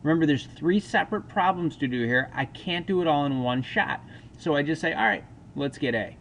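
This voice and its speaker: A man walks through a math lesson step by step in a casual, chatty way, with a fairly high voice. Faint background noise sits under the recording. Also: fairly quick. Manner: talks through steps aloud, casual asides. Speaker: math teacher.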